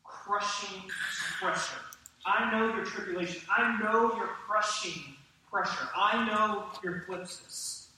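A man preaching a sermon to his congregation with animated delivery and questions to the room. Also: high voice, slow, recorded from a distance, slight background noise. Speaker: pastor. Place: church sanctuary. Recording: echoey church hall from off-mic.

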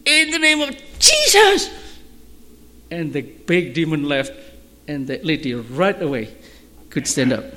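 A man preaching as a pastor, telling stories in an animated way and shouting at the high points. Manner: animated storytelling, shouting at peaks. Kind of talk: sermon storytelling. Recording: long hall reverb.

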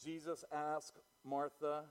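A man's voice: on the high side, little pitch movement, slow, clean tone, in a large hall, low-quality recording. A man preaching a sermon as pastor to his church, emphatic, swelling and falling back, often repeating words.

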